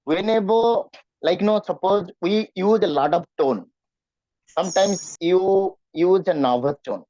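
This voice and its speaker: Man, teacher, lecturing, high voice, dry close sound. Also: a little slow, dark tone, dry recording, dull audio. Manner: repetitive, questioning students, acts out nervous voices. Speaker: English teacher. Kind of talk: online class lecture.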